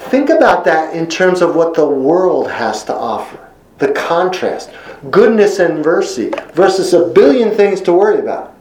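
A man preaching a sermon in an earnest, emphatic way, slowing down to stress key phrases. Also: high-pitched, big pitch swings, a little mellow, reverberant, slight background noise, rough recording.

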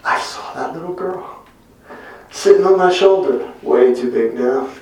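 Slow, echoing middle-aged man's testimony. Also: mid-range voice, expressive, a little mellow. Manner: earnest, with wry self-deprecating humor. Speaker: church speaker giving a testimony. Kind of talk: personal testimony storytelling. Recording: very echoey room, mic far off.

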